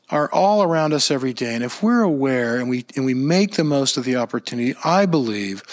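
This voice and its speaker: A pastor delivers a conversational sermon. He sounds earnest, and his voice sits a touch high for a man. He tells stories plainly, often restarting a phrase or repeating a word before going on. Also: a bit bright. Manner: earnest, storytelling, frequent restarts and repeated words.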